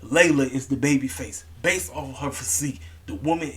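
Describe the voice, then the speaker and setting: A man's voice: mid-range voice, brisk. A man giving a casual, opinionated rant as a wrestling vlogger, blunt and repetitive with plenty of slang.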